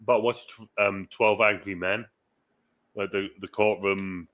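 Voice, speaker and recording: A man's voice: fairly low pitch, fairly even intonation, measured pace, fairly bright tone. A man co-hosting a casual film review chat, rambling, swearing and drifting into silly voices. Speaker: podcast co-host, film reviewer.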